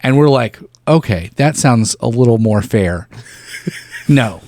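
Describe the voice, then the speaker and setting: A man's voice: mid-range voice, expressive, measured pace, darkish tone, dry recording. A man co-hosting a podcast, telling a gaming story in casual chat and laughing along. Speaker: podcast co-host.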